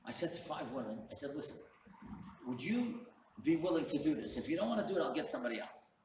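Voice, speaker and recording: A rabbi preaching to a live audience, earnest and direct, stopping to tell stories and press a point home. His voice sits a bit high for a man. The microphone is set some way off in a roomy hall, with a faint hum of ambience behind him. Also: big pitch swings, fast, distant mic. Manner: earnest storyteller, direct appeals. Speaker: rabbi, lecturer. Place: event hall.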